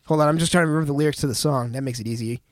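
A man's voice: fairly high pitch, rapid-fire, no room sound, clean studio sound. A man co-hosting a casual chat, rambling and swearing as he guesses at film plots. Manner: rambling, profane, unsure guesses. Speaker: podcast co-host.

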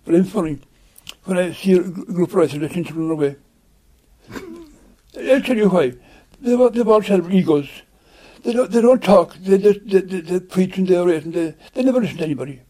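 Fast-talking older man. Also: high-pitched, lively intonation, warm tone. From Kerry, Ireland. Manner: emphatic, quick, repeats words. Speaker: interviewee, writer. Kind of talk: archival interview clip.

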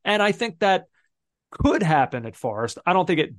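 A man co-hosting a casual sports podcast, with a dry, deadpan, teasing humor. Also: high-pitched, moderate pace, dry recording. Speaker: podcast co-host.

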